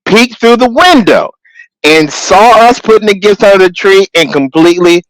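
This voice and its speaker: A male comedian with a somewhat high, very lively voice. He tells stories with big swings in pitch and acts out the other characters. The recording is dry and close. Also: normal speed, dry recording, poor audio. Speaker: comedian co-host. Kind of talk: casual comedy radio chat.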